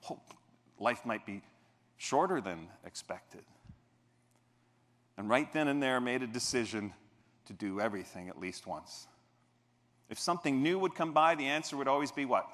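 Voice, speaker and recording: Animated man giving a keynote speech. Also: medium pitch. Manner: animated, jokey, playful asides to the audience. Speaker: keynote speaker. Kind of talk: motivational keynote with humorous storytelling. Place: large convention hall stage. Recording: echoey convention hall.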